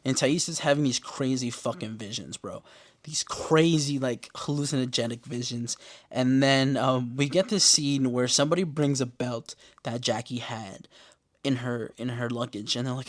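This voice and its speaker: A man casually recapping a TV episode, animated and profane, briefly mimicking the characters' lines. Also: medium pitch. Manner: animated, profane, acts out characters' lines in quick put-on voices. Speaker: podcast host recapping a TV show.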